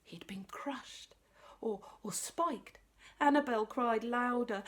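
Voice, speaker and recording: Female librarian narrator for a kids' storybook; slow, animated, whispers at tense moments. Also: medium pitch. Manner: expressive, drops to whispers for tension. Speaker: librarian reading aloud. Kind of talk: children's storybook read-aloud.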